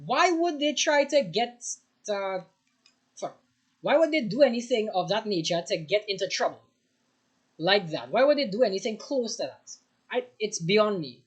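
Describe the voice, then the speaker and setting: A man's voice: high-pitched, lively intonation, normal speed, breathy edge. A tired young man hosting a reaction video, rambling in casual commentary after too much coffee. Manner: rambling, restarts often, over-caffeinated. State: tired, short on rest.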